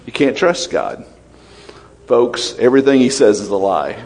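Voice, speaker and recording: A male pastor delivers his sermon with open emotion, climbing high and bright in praise and sinking low and hushed for warnings. His voice sits at an ordinary middle pitch, carried by the long reverb of a large hall. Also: unhurried. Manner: emotional, animated preaching with laughs and sudden drops to low, quiet tones.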